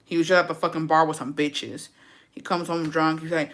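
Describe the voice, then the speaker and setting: A woman's voice: low voice, fairly even intonation, a little fast. A woman telling a dramatic story casually, swearing freely and switching between English and Spanish.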